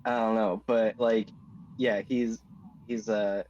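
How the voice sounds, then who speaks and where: A man's voice: on the low side, level tone, takes it slowly, darkish tone. A man playing a tabletop game in casual chat, rambling with many fillers and some swearing. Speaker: player. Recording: dull audio with faint noise.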